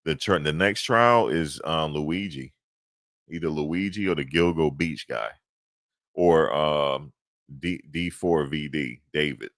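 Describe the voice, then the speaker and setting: Deep-voiced man, casual slangy recap. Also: slow pace, dry recording, studio quality. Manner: animated storytelling, slangy, repeats himself. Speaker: commentator recapping a court hearing.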